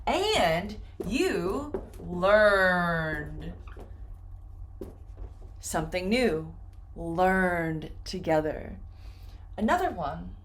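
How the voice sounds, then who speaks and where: A woman teaching English pronunciation, repeating each word slowly and clearly for her students. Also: lowish voice, fairly bright tone, a little hiss or hum. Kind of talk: slow, deliberate pronunciation lesson.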